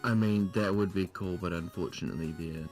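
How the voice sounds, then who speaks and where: Dry-humored New Zealand man, low voice. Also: fairly quick, faint music behind. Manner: dry, self-deprecating humor. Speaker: guest. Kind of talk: casual chat.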